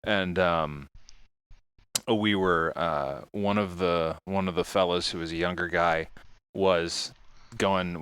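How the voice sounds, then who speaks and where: A man telling a story as a guest on a podcast, halting and restarting as he goes. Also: low voice, a bit bright, no room sound. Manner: halting, many restarts and fillers. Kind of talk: casual anecdote telling.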